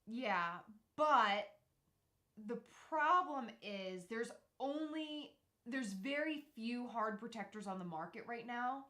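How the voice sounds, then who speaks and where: A woman's voice: on the high side, animated, slow, fairly bright tone. A woman co-hosting a live podcast stream, chatting playfully and teasing her co-host. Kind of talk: casual live-stream chat.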